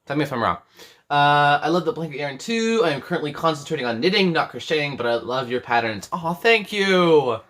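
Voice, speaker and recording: Streaming crochet live from his bedroom, an eighteen-year-old guy talks a little fast in a fairly high, slightly bright voice with big swings in pitch. His talk is rambling, with self-corrections and chat messages read aloud.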